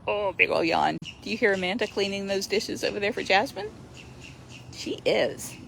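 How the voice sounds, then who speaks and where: A woman's voice: mid-range voice, normal speed, vocal fry, fairly bright tone, slight background noise. A woman hosting a casual livestream outdoors near a lake, chatty and enthusiastic, laughing often as she talks into her phone. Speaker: host of a sanctuary livestream. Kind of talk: casual live-stream chat.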